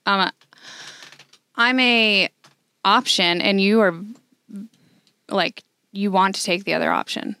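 A woman's voice: medium pitch, slow pace, long pauses, bright, forceful tone, clean tone, no echo. A woman co-hosting a podcast, talking bluntly and swearing freely in casual chat. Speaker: podcast co-host.

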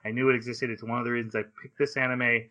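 A man's voice: medium pitch, racing. A man on a podcast, casually recapping an anime and acting out the characters' lines as he goes. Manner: animated retelling, acts out characters' lines. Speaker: podcast host.

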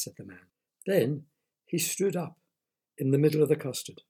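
A man's voice: mid-range voice, animated, moderate pace, dark tone, slightly rough. A man reading a children's story aloud, with playful asides to the listener.

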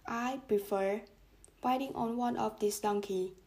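A woman doing a wavering puppet boy, a bit higher. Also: steady tone, a little slow, a little mellow. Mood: earnest.

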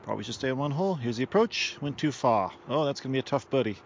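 Crude male play-by-play caller, loose Australian accent, a man putting it on, raised and lively. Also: medium pitch, fast talker, lo-fi sound, slight background noise, lightly acted. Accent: put-on loose Australian. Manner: profane, rowdy play-by-play. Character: crude excitable male sports commentator. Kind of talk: mock sports commentary. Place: outdoors beside a park golf course.

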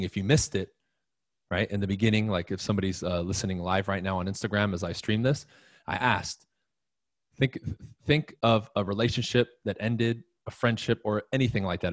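A man's voice: fairly low pitch, dry recording, studio quality. A man coaching salespeople in a live-streamed talk, emphatic and blunt, swearing now and then as he addresses the listener directly. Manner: emphatic, profane, talks straight to the listener. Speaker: real estate coach.

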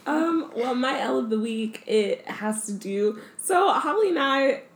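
Relaxed woman chatting in an echoey room. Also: on the high side, a little slow. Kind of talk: casual chat. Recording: roomy echo.

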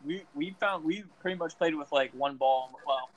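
A man's voice: on the high side, moderate pace, highs cut off. A man telling a golf story in casual, profane chat, rambling and laughing along. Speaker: podcast co-host.

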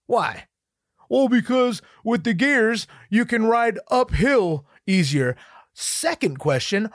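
A mid-range voice in a dry recording belongs to a man in his thirties hosting his podcast solo. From a room at home with a dog nearby, he uses a studio microphone to ramble and joke casually, swearing a lot and mocking himself.

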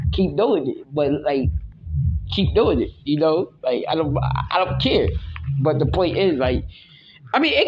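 A man's voice: a little high, muffled recording, slight background noise. A man hosting a casual solo podcast, rambling and slangy with lots of filler words, often teasing and mock-scolding. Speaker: podcast host.

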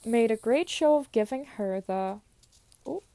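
Young woman, casual storyteller, fairly high voice, dry close sound, slips and cusses in asides. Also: lively intonation, unhurried, mellow, no echo. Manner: stumbles and laughs at own slips, swears in asides. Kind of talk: casual reading of old stories aloud.

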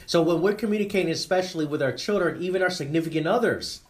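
Lively man hosting a fathers' discussion. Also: a little high, quick pace. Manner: animated, acts out examples with shifting tone. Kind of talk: group discussion.

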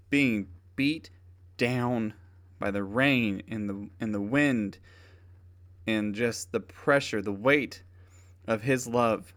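A man's voice: on the low side, slow, pauses often, a bit bright. A tired man talking earnestly and casually about his faith as a podcast host, rambling with fillers and restarts. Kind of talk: casual devotional talk.

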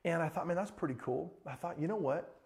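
Animated middle-aged male pastor preaching. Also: a little high, a little fast, gravelly. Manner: storytelling, animated, rises to excited shouting in anecdotes. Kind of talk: sermon.

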